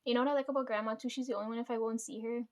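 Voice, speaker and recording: A woman vlogger chats straight to camera in a loose, rambling way. Her voice sits a little on the high side. She swears freely and laughs between her thoughts. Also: steady tone, racing. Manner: rambling, frequent swearing, chatty asides. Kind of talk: casual storytelling to camera.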